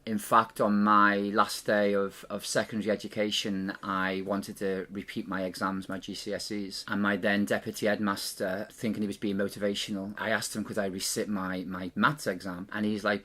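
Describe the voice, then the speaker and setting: A lower-voiced man with an unmistakable Liverpool accent, recounting his past as a podcast guest. He tells it as a lively anecdote and acts out the lines of people from his story, though his pitch moves only a little. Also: normal speed. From Liverpool, England. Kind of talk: storytelling interview answer. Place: cafe bar in Hove, England.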